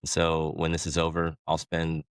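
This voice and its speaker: A man's voice: a bass voice, completely flat delivery, normal speed, clean tone, dry recording. A man talking as a podcast guest in a casual, rambling way, restarting sentences and laughing between thoughts. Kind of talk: casual conversation.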